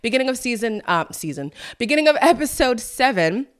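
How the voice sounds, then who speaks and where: A young adult woman hosting a casual recap podcast. She talks in a chatty, animated way and quotes people in playful voices. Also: a little high, brisk, smooth. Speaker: podcast host.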